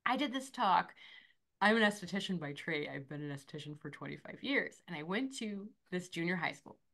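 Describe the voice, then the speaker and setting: Bubbly woman in her 40s on a podcast, bright voice, really animated. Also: lowish voice, a little fast, vocal fry. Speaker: podcast guest, esthetician and motivational coach. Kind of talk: energetic interview talk.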